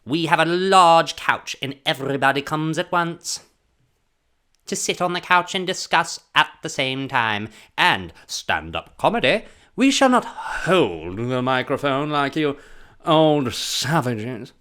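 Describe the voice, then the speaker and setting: A prim, pompous posh British comedian holds forth, as a man puts him on. The voice sits higher than the man's own and is delivered with mock formality. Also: big pitch swings, slow pace, pushed and bright, clear, resonant tone, exaggerated voice.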